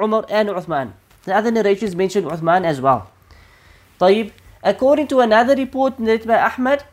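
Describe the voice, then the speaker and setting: A woman teaching a lesson on Islamic prayer, explaining step by step, asking rhetorical questions and correcting herself often. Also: fairly low pitch. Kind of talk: religious lecture.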